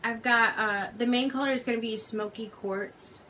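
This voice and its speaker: A woman's voice: on the high side, fairly even intonation, moderate pace, noisy background. A young woman fresh out of college, a podcast guest, chatting casually and hesitantly with many fillers. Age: young adult. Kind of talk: casual chat.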